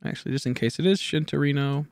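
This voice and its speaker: A young man's slightly high voice comes through close and dry, as if right on the mic. He rambles through stories with plenty of swearing and keeps goofing around with his chat while he plays a game. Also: quick pace, darkish tone, no room sound. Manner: rambling, profane storyteller. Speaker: game streamer. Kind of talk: casual live-stream chatter.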